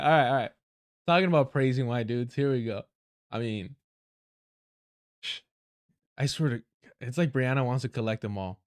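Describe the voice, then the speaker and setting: In his livestream, a man comments on clips as they play, ranting with sarcasm, mockery and profanity while laughing often. His mid-range voice sounds clear and resonant.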